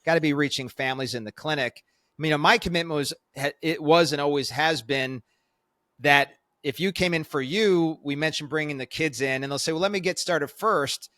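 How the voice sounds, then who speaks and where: A man's voice: a little high, a little fast, fairly bright tone, no room sound, clean studio sound. A man hosting a podcast interview, speaking emphatically in a motivational way to fellow professionals. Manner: emphatic, motivational, preaching to peers. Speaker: guest host.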